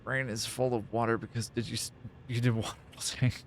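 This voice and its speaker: A man streaming a game live, thinking out loud in a loose, rambling way. He swears casually and pokes fun at himself. His pitch sits in an ordinary middle range, close to a desk microphone. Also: flat delivery, brisk, a little hiss or hum. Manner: rambling, self-mocking, swears often.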